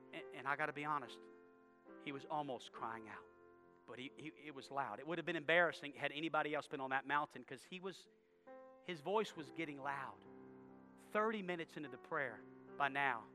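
A man preaching a sermon, telling a story with soft asides and sudden shouted prayers. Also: a little high, a little fast, soft background music. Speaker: pastor.

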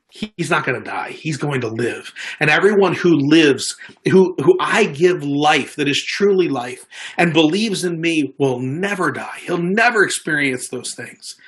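Fairly bright and high-pitched, this man preaches a conversational sermon as a pastor. He restarts sentences and repeats words frequently while acting out the lines he quotes.

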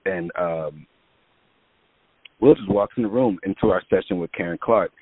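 Man, low voice, casual storytelling, acts out quotes, tinny line. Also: normal speed, no room sound. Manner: animated storyteller, acts out quotes, lots of fillers. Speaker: music producer guest.

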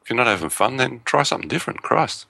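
A man's voice: mid-range voice, lively intonation, quick pace, creaky, bright, forceful tone, no room sound. A man co-hosting a podcast in casual chat, making dry, teasing quips, recorded on his own mic at home. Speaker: podcast co-host.

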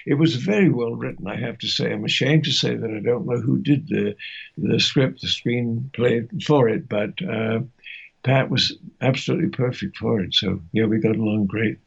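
Gravelly older man, softly reminiscing. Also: mid-range voice, dull audio. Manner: gentle, unhurried storytelling with soft laughs. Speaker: guest, veteran actor. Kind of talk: reminiscing interview.

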